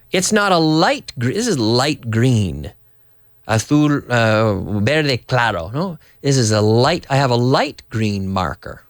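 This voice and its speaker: A man teaching English to Spanish speakers, repeating words slowly and switching between both languages. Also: mid-range voice, fairly bright tone, no room sound, clean studio sound. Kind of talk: bilingual English lesson.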